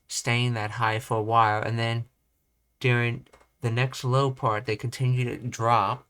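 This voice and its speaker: A young man reading and commenting on language study material, thinking aloud with halting restarts. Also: mid-range voice, fairly bright tone, clean tone. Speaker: language teacher.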